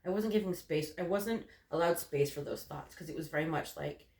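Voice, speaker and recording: A man's voice: a little high, brisk, darkish tone. A young man vlogging from his bedroom in a candid, rambling way, full of "like" and "you know". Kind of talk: casual personal ramble to camera. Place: bedroom corner. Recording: roomy bedroom echo.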